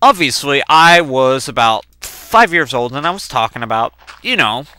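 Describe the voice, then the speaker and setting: Lively, bright-voiced young man telling stories. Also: mid-range voice, normal speed, clear, resonant tone. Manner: animated, profane, rambling anecdotes. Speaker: let's play gamer. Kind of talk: casual storytelling while gaming.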